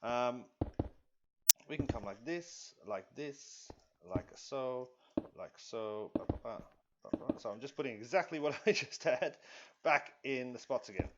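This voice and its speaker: A man talking through a live game stream in a loose, rambling way, thinking aloud and apologizing now and then. His voice sits at an ordinary middle pitch. The stream audio is dull and lo-fi, with loud hiss running underneath. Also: lively intonation, unhurried. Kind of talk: live gameplay commentary.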